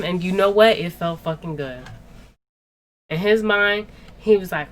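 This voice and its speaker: A young woman telling a story in casual chat, animated and profane, with lots of "like" and "yo". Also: medium pitch, a little slow. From Spanish-speaking background. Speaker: podcast co-host.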